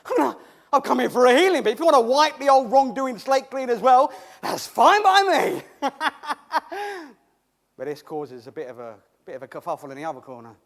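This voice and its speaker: Man acting a cheerful once-lame man, high voice, stammering, chuckling, comic monologue. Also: sing-song, fairly quick, creaky, full character voice. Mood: chatty, comic. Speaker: actor in a monologue.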